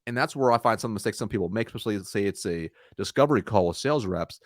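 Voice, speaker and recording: A man with a fairly low voice talks about selling on a podcast, his pitch swinging widely as he acts out little sales exchanges. The sound is close and dry, with no room around it. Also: no room sound. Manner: energetic, acts out sales dialogue in quick asides. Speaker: sales trainer, podcast guest. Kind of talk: conversational interview.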